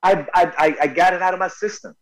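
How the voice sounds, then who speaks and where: A man from North Carolina with a fairly high voice tells stories in a relaxed interview. He is animated and often repeats words as he goes. He talks about his own life as the guest actor. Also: fast, rough recording. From North Carolina, USA. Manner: animated, repeats words while telling a story. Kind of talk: casual storytelling interview.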